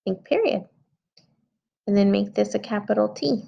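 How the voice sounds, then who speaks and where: A mellow, creaky, mid-range female voice at normal speed guides young students through a writing lesson. The teacher patiently voices her thoughts while editing a story, recorded with slightly dull lo-fi sound.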